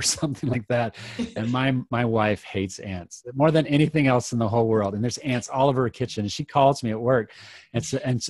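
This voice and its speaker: A man's voice: medium pitch, no room sound, clean studio sound. A middle-aged man, a podcast guest, telling a personal story in an earnest, reflective way with many restarts.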